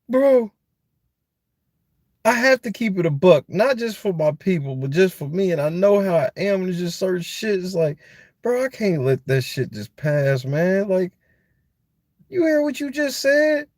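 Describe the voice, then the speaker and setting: A man hosting a casual, profane reality-TV recap chat, talking in an animated, mocking, slangy way. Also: sits high, measured pace, no echo. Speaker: podcast host.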